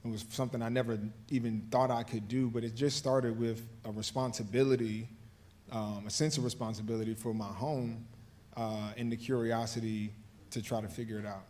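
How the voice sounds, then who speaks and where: A male guest author answering interview questions on stage. He speaks in a measured, reflective way and often checks in with the listener as he goes. His voice is a mid-pitched man's voice. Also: level tone, a little mellow. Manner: measured, thoughtful, says "right?" and "you know" often. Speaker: guest author, former football player.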